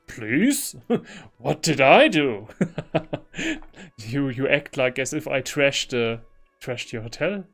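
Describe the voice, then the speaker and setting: A man's voice: mid-range voice, big pitch swings, extremely slow, a bit bright, faint music behind. A man from Germany with a German accent, casually commenting on a game he plays, laughing often and reading lines aloud. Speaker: gaming streamer. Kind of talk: casual let's-play commentary.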